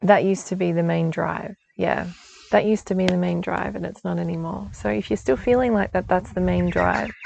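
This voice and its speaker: A woman's voice: on the low side, creaky, darkish tone, a little hiss or hum, rough recording. A woman giving a chatty spiritual guidance talk outdoors, reassuring and laughing often. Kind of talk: casual spiritual forecast talk.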